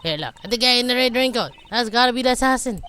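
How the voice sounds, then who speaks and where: A woman voicing a loud, blustering male police detective in a fan dub of a game. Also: on the high side, animated, fast, voice pushed up.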